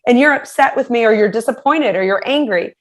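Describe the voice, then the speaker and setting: Speaking briskly in a voice on the high side, this woman gives practical tips on communication during an interview. She's lively and performs the quoted phrases in changing voices.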